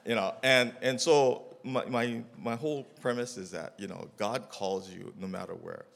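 A man's voice: fairly low pitch, measured pace, creaky, fairly bright tone. A middle-aged man telling a casual testimony about volunteer work, rambling with many fillers and acting out the dialogue as he goes. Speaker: mission trip volunteer giving a testimony.

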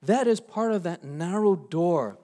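A man preaching a sermon as pastor, reading scripture aloud and slowing down to stress key words. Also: sits high, lively intonation, mellow. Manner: reads scripture aloud to the congregation.

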